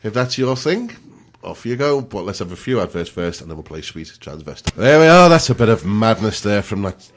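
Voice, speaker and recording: Low-voiced man hosting radio chat. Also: animated, brisk, few pauses. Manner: breezy, joking, talks straight to listeners. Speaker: radio host. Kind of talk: chatty radio presenting.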